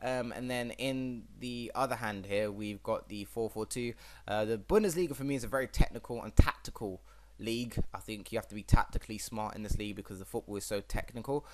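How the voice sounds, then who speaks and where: A young man talks casually over his football management game, rambling with frequent fillers. His voice sits a bit low. He sounds like a relaxed host speaking to his channel's viewers. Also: quick pace.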